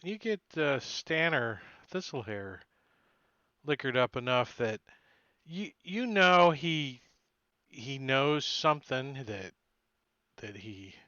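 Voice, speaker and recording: A man's voice: mid-range voice, bright, forceful tone, no room sound. A man running an online tabletop game as game master, talking loosely and thinking aloud. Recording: dull, dry lo-fi mic.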